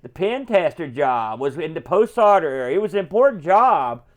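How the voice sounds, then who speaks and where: A man's voice: a little high, very animated, normal speed. A man in casual chat as co-host, explaining how things worked on an old job. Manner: explanatory, fills in technical details.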